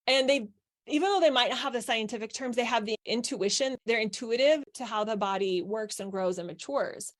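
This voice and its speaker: A woman's voice: a little high, brisk. A middle-aged woman coaching parents in a live online workshop, asking the audience questions as she teaches.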